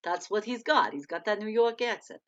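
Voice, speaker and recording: A chatty middle-aged woman talks casually on a live stream, her voice bright and forceful. She laughs often and answers viewer comments as she goes. The audio is dull and lo-fi. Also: medium pitch, lively intonation, normal speed. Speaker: author hosting a live stream.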